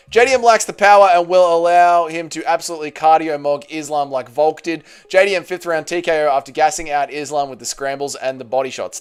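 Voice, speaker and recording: A man's voice: a little high, a little fast, hardly any pauses, clear, resonant tone. An Australian man hosting a live stream, chatting casually, reading chat aloud and swearing freely.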